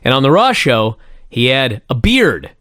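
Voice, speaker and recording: Male podcast co-host, enthusiastic and profane, animated delivery, dry sound. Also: mid-range voice, unhurried, no room sound. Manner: excitable, swears freely, enthusiastic. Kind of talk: casual podcast chat.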